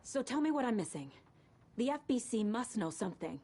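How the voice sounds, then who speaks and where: An actress playing a troubled investigator in a video game, speaking a tense, shaken inner monologue. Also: female voice, a little high, very animated, fairly quick, dark tone, husky. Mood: guarded.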